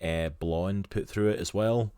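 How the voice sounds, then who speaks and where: A man's voice: low-pitched, a little slow, mellow, clear, resonant tone, dry recording. A Scottish man co-hosting a live stream, chatty and enthusiastic, in casual talk. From Scotland. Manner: chatty and enthusiastic, with lots of "literally" and "like". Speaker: stream co-host.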